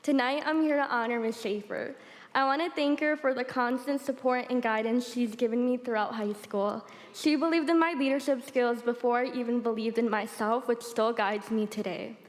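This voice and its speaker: A teenage girl speaks a confident tribute to her teacher. Her voice sits fairly high. A long hall reverb follows her. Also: fairly even intonation, normal speed. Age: teens. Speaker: high school student honoring a teacher. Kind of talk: prepared speech at a ceremony.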